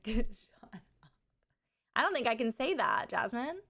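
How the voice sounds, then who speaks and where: A woman's voice: on the high side, big pitch swings, vocal fry, pushed and bright. A young woman with a slight lisp, chatting casually and giggling with her live audience. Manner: chatty and giggly, drawn-out words. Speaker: livestreamer.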